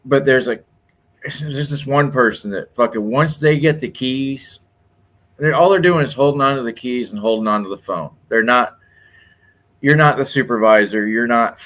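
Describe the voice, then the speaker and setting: A man's voice: mid-range voice, moderate pace, a bit bright. A man in casual podcast chat, ranting and swearing about work and coworkers.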